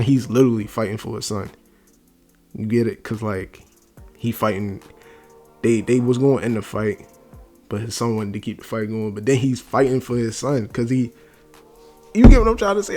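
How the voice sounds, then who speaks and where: A man giving casual film commentary at home, talking quietly and rambling, calling the listener "bro" again and again. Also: lowish voice. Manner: rambling, says "bro" constantly. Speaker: movie reviewer. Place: at home at night.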